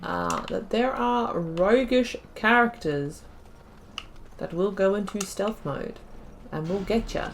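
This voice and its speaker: Gravelly chatty woman gaming. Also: medium pitch, sing-song, slow, slight background noise. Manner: chatty, talks back to game characters. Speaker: gamer. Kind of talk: casual let's play commentary.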